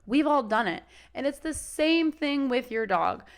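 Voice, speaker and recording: A woman's voice: high-pitched, expressive, measured pace. Chatty swearing woman dog trainer. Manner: chatty, swears freely, acts out voices of dogs and owners. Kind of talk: casual podcast talk.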